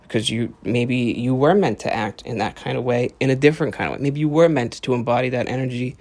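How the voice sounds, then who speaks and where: A man's voice: mid-range voice, fast talker, darkish tone. A man hosting his own podcast, rambling in a casual, profane way and acting out the voices he quotes. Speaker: podcast host. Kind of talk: casual solo podcast monologue.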